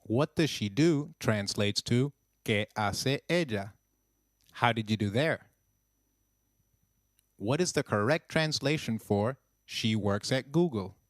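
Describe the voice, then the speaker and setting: A man narrating a scripted language lesson in an even teaching voice, slowing down to model phrases. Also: medium pitch, no echo, clean studio sound.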